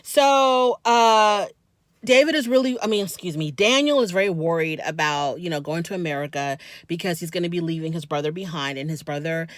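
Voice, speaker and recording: A woman's voice: on the low side, a little fast, no room sound, clean studio sound. A woman hosting a casual recap of a reality TV episode, chatty and opinionated, talking straight to her viewers. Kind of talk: casual commentary.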